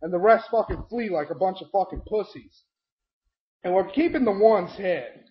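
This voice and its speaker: A young man recapping a tabletop game session, excitable and swearing constantly as he tells the story. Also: sits high, normal speed. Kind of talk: profane storytelling rant. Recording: dull lo-fi home mic.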